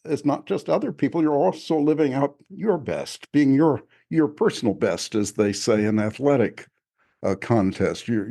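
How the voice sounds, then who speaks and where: A man, an author, talking in a relaxed podcast conversation, reflective and often chuckling as he restarts his sentences. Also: medium pitch. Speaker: author discussing his spiritual experiences. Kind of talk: casual conversational podcast talk.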